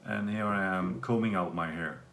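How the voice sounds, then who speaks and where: A man from Denmark talks through a casual video update in a loose, rambling way. His voice sits low and has a gravelly edge. He is recorded in an echoey room with a faint hum of ambience behind him. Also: moderate pace. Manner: relaxed, rambling, with fillers. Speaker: vlogger.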